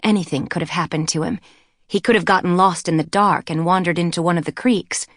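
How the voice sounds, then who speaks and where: A woman narrator voicing a tall, commanding young woman who speaks brisk and emphatic. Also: fairly low pitch, a bit bright, dry recording, studio quality.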